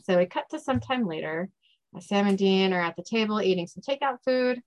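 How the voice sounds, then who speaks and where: A woman hosting a podcast, chatty and quick to laugh, recapping a TV episode. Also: medium pitch, animated, no room sound. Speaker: podcast host.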